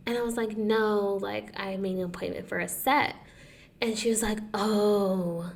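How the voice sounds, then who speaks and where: Young woman with a gravelly, fry-heavy voice and a mid-range pitch. She chats casually as a podcast co-host, spins out her story at length, drops "like" constantly and acts out every quote along the way. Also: unhurried. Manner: animated storyteller who acts out quotes, says "like" often.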